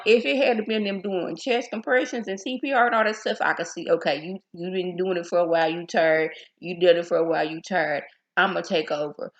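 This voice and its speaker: A young woman talks through a TV episode, chatty and animated. Her voice sits fairly low, and she jumps into the characters' lines as she tells it. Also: lo-fi sound. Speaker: TV show reviewer. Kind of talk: casual recap vlog.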